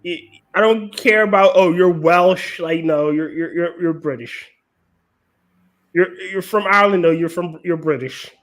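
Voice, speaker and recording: American man, 30s, high-pitched, blunt, irreverent, stammering, casual podcast banter. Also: normal speed, fairly bright tone. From United States.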